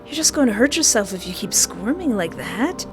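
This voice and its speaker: A woman voicing a soft-spoken, creepy young man who holds someone captive, talking slowly and coaxingly in a visual novel. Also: mid-range voice, very animated, music in the background, close to an everyday voice. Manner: soothing, slow and coaxing.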